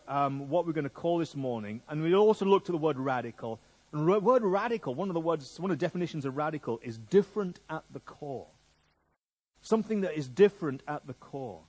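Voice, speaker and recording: Guy giving a sermon, slightly high voice, chatty and funny. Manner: jokey, conversational, lively preaching. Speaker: preacher.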